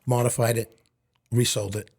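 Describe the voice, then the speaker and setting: Husky middle-aged man. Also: medium pitch, flat delivery, darkish tone. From Lawrence, Massachusetts. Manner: tells stories in quick bits of quoted back-and-forth, "I says". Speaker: podcast guest. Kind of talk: storytelling in casual conversation.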